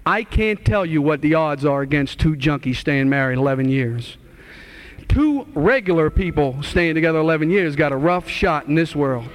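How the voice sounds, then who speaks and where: A man in his forties giving an earnest, animated testimony. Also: a little high, moderate pace. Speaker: guest speaker sharing testimony. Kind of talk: testimony talk.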